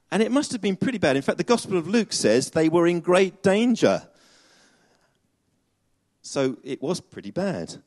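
Guy giving a chatty sermon, voice swoops up and down, lots of uhs. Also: mid-range voice. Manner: chatty, animated, many fillers and restarts. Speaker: preacher.

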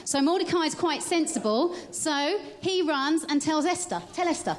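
Lively high-voiced woman telling a children's story. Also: moderate pace. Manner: lively, directs child volunteers as she narrates. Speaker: children's talk leader in a church service. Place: church.

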